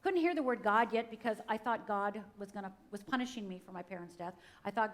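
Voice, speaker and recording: This guest speaker, a middle-aged woman from Upper Michigan, shares a personal testimony on a church stage in a brisk, animated mid-range voice with hardly any pauses. She storytells dramatically, performs the quotes, and engages the audience directly.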